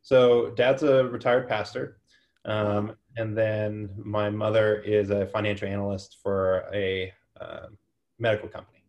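A fairly low-voiced young man with a faint New Zealand lilt answers questions as a podcast guest. He talks in a relaxed, easygoing way, stopping for ums and uhs. He is on a video call. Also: unhurried, muffled recording. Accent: slight New Zealand. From United States, Portland. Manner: relaxed, easygoing, hesitant fillers. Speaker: podcast guest, company CEO. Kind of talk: casual interview chat.

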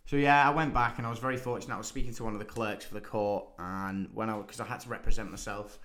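A young British man telling stories in casual chat, animated and often laughing. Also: fairly low pitch, quick pace. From Britain. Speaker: guest.

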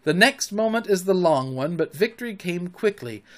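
A man hosting a podcast, reading a children's story aloud with expressive narration. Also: sits high, normal speed.

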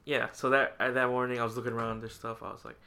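A man with a bright, forward voice talks through stories in a loose podcast chat. He laughs easily and often, keeping an easygoing pace. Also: mid-range voice, fast talker. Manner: laughs often, relaxed storyteller. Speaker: podcast co-host. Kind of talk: casual chat.

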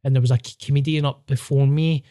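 A comedian telling sweary, laughing stories in a casual podcast chat. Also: male voice, medium pitch, fairly even intonation, fast talker, dark tone.

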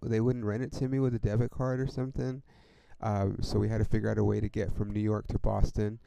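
A man's voice: fairly low pitch, flat delivery, fast, gravelly, noisy background. A young man hosting a podcast, telling a rambling story in a laid-back, profane way, peppered with "dude" and "like". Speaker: podcast host.

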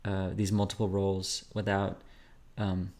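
A male interviewer with a very low voice that barely moves in pitch. He puts a long question to his guest, halting and searching for the right words. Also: completely flat delivery, a little mellow.

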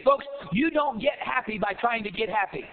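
A man pastor preaching a sermon, emphatic, with rhetorical questions and shouted, repeated lines. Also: extremely high pitch, animated, moderate pace. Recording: tinny phone-like sound.

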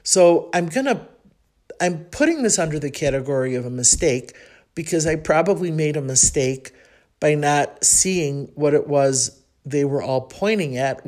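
A woman from Chicago with a Chicago accent, hosting a podcast and telling a personal story in a chatty, reflective way, thinking aloud with frequent pauses. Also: deep voice, a little mellow. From Chicago, United States. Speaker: podcast host.

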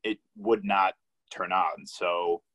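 A young man hosts a casual podcast chat, his voice sitting a little low. He talks in a relaxed, rambling way, swears freely and pads his sentences with fillers. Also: takes it slowly, low-quality recording. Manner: laid-back, swears a lot, many fillers. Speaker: podcast host.

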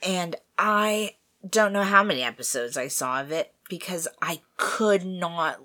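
Low-voiced, lively woman. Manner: laughs easily, quick reactions. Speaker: podcast co-host. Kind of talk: casual chat.

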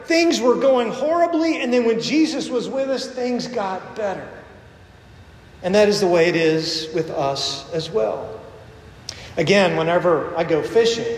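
A middle-aged man pastor giving a conversational sermon, telling stories and acting out the voices he quotes. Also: high voice. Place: church sanctuary. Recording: echoey long reverb of a sanctuary.

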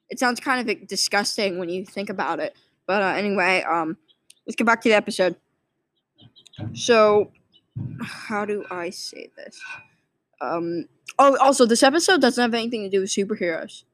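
A woman's voice: mid-range voice, normal speed, pauses often, fairly bright tone, no room sound. A sleepy woman casually rambling through a movie plot summary, full of fillers and restarts. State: sleepy, yawning. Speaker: movie recap vlogger.

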